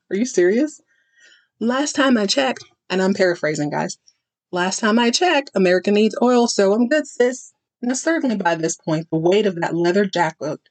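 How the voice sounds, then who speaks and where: A woman's voice: mid-range voice, darkish tone, no room sound. A woman hosting a podcast, giving a sassy, dramatic, chatty recap of a TV episode. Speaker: podcast host. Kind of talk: casual TV recap commentary.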